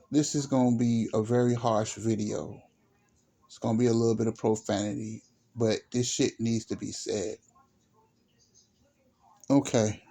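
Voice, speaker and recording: A man's voice: mid-range voice, vocal fry, dark tone. Blunt, profane man ranting to camera. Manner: blunt, profane and repetitive, lecturing. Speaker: YouTuber. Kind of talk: direct-to-camera rant.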